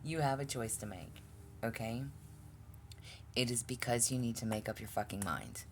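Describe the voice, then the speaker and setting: A woman's voice: a bass voice, animated, moderate pace, soft background music. A woman giving a casual tarot reading to her viewers, blunt and exasperated, swearing often and stumbling over her words. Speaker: tarot reader.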